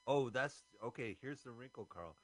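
A man's voice: medium pitch, expressive, moderate pace, rough recording. A man casually joking and commenting while watching a movie with his co-host, laughing often.

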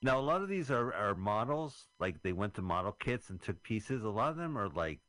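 A man's voice: lowish voice, sing-song, a little fast, fairly bright tone, dry recording, rough recording. A man hosting, trading sarcastic jokes while commenting on a movie. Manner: sarcastic, joking. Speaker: host riffing on a movie.

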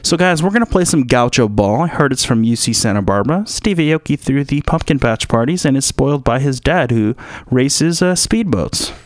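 A man hosting a radio show, rambling through a joking monologue full of fillers and sudden loud put-on voices. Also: medium pitch, lively intonation, moderate pace, no room sound, clean studio sound. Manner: rambling, jumps into loud shouted impressions; filler-heavy, loose and joking.

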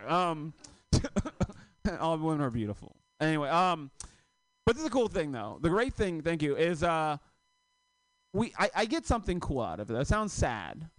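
A man in his thirties from Florida doing a stand-up comedy set on a club stage, telling stories in an animated, profane, self-mocking way. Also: fairly high pitch, no room sound. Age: 30s.

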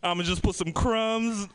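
Animated stand-up comic from Trinidad. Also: male voice, sits high. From Trinidad and Tobago. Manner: loud, profane, animated, laughs through his lines. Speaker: stand-up comedian. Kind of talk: stand-up comedy set.

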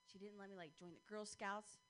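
A woman's voice: medium pitch, steady tone, fairly quick, a bit bright, slight background noise, poor audio. A woman performing a stand-up comedy set, talking conversationally with a self-mocking manner. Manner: conversational, self-mocking, drops into voices for quoted people.

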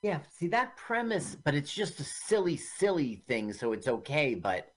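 A man's voice: on the high side, very animated, normal speed. A man co-hosting a radio show, casually questioning a film's plot. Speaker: radio co-host. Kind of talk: casual film discussion.

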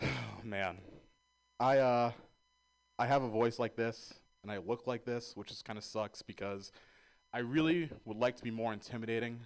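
A man performing a stand-up set, telling self-deprecating stories and slipping into voices. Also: mid-range voice. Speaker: stand-up comedian.

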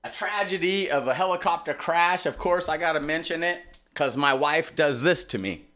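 A man's voice: on the high side, normal speed, pushed and bright. A middle-aged man hosting a radio show, rambling through a heartfelt personal monologue with plenty of swearing.

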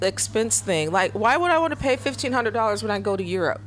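A woman co-hosting a radio talk show, talking bluntly and quickly in casual chat and laughing often. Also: medium pitch, very animated, faint music behind.

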